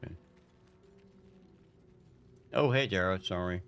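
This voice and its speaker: Low-voiced male gaming streamer. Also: fairly bright tone, clean tone, soft background music. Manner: rambling, halting, self-correcting. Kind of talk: casual let's-play commentary.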